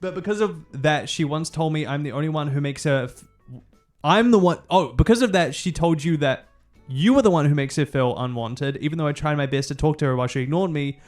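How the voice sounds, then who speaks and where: A man's voice: a little high, brisk, faint music behind. A young man with a New Zealand accent, a streamer chatting casually and reading out viewer messages. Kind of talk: casual chat.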